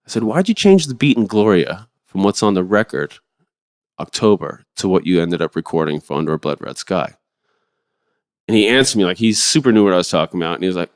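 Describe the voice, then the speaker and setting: A middle-aged man telling stories as a podcast guest in a rambling, animated way, swearing freely. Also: sits low, fast. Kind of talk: casual interview storytelling.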